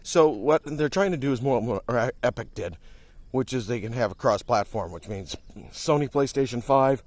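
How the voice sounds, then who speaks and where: A man's voice: medium pitch, expressive, normal speed, a little mellow, no echo. A man from Wisconsin, chatting casually and a little out of breath as he walks outdoors along a country lane, filming on a handheld phone. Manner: rambling, chatty, talks while walking. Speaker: streamer. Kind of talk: casual walking vlog. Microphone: handheld phone while walking.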